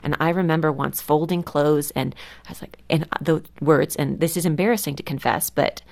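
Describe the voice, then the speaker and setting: A woman's voice: sits low, fairly even intonation, normal speed, creaky. A woman who is a mother and a guest on a radio show, telling stories and acting out family scenes. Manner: warm storytelling, acts out family scenes. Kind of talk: casual studio conversation.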